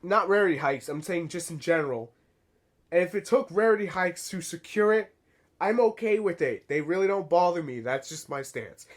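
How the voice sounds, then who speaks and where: A man hosting his own channel, giving a rambling opinion monologue, animated and swearing casually. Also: high-pitched, moderate pace. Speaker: channel host.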